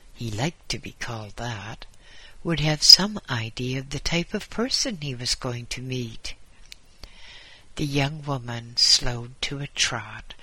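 A man narrating a whimsical story in a wry, unhurried manner. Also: medium pitch, sharp tone, husky, no room sound. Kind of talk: storytelling reading.

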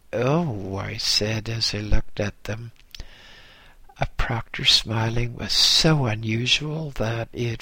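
A man reading a first-person story aloud in a measured, gently wry way. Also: on the low side, breathy edge, no echo. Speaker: narrator. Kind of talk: first-person audiobook narration.

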